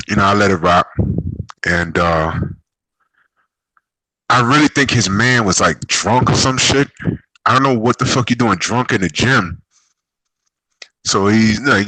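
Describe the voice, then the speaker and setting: A man's voice: fairly low pitch, sharp tone, no room sound, low-quality recording. A man hosting a casual group chat, telling long rambling stories full of swearing and fillers. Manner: profane rambling storyteller. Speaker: podcast host. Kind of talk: casual group chat about games and boxing.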